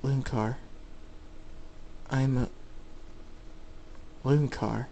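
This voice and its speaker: A man voicing Jacob, a brooding, hot-tempered young man who speaks low and quiet. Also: fairly even intonation, very slow, creaky, slight background noise.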